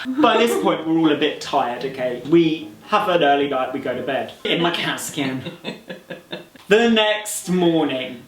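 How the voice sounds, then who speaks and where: A man's voice: a little high, lively intonation, unhurried. A man telling a storytime anecdote on his channel, laughing often and acting out what other people said. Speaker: vlogger. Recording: roomy echo with faint music.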